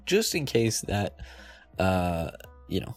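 A man's voice: deep voice, very animated, slow pace, soft background music. A man hosting a comedy show, rambling playfully, giggling and correcting himself as he goes. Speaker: comedy podcast host.

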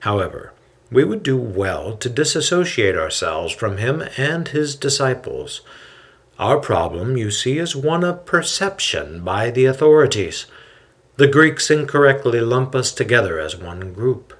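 A man voicing a calm, wise older teacher who speaks quietly and in measured phrases. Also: mid-range voice, husky.

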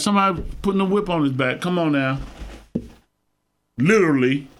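A middle-aged man with a gravelly voice preaching a sermon, fervent and emphatic, calling out to his listeners. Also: on the high side, moderate pace, long pauses. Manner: fervent, emphatic preaching with call-outs to the congregation. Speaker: pastor.

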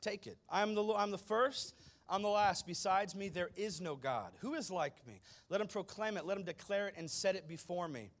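A man putting on the voice of a boastful almighty God, making booming, emphatic declarations. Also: lively intonation, normal speed. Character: boastful almighty male God laying down the law.

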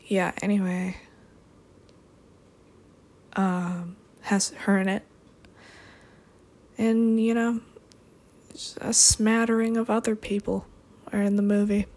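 A woman's voice: mid-range voice, flat delivery, slow, long pauses, a little mellow. Rambling, sarcastic young woman. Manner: rambling, sarcastic asides, playful. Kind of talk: rambling comedic chat.

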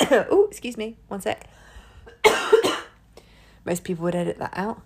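A woman talks straight into the mic on her own podcast, frank and loose, with plenty of swearing. She laughs easily as she rambles through the episode, and her pitch sits right in the middle. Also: moderate pace, pauses often. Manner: candid, sweary, laughs often. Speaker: podcast host. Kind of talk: casual solo monologue.

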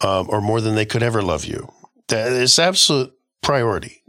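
A middle-aged man talking on a casual podcast, with a forceful, bright voice sitting slightly low. He rambles through stories and restarts his sentences often. The recording is dry and close. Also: expressive, normal speed, no room sound. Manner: rambling storyteller, frequent restarts.

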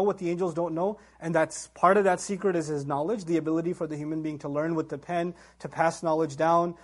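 A man lectures on scripture in a high, somewhat husky voice. He tells the story with animation, posing rhetorical questions to his listeners and slipping into the voices he quotes. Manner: acts out quoted voices with big pitch jumps. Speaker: Islamic lecturer. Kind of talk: Quran lecture.

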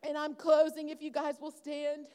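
A woman's voice: high-pitched, monotone, moderate pace, mellow, in a large hall. A woman giving a Father's Day message in church and leading a fervent altar prayer with repeated calls to God. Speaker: church speaker. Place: church sanctuary.

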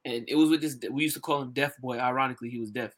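A man co-hosting a podcast in casual chat, an animated storyteller who laughs often. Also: medium pitch, very fast. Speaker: podcast co-host.

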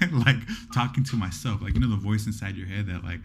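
A man from Orange County, California chatting casually as a podcast co-host, rambling in a relaxed way. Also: fairly low pitch, moderate pace, a little hiss or hum. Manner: relaxed, rambling, restarts often. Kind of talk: casual chat.

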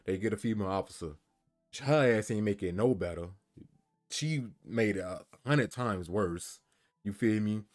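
A man's voice: lowish voice, lively intonation, moderate pace. A man talks heatedly in casual commentary. He repeats phrases and keeps checking in with his listeners. Faint music plays underneath. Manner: heated, repetitive, frequent "you feel me". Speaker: commentator retelling a news story.

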